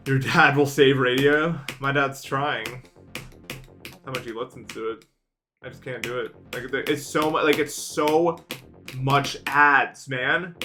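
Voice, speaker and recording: A man streaming a game, chatting casually, swearing often, and breaking into loud frustrated rants. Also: a little high. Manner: profane, ranting, quick swings into loud frustrated outbursts. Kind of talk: casual livestream chat while gaming. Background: music playing.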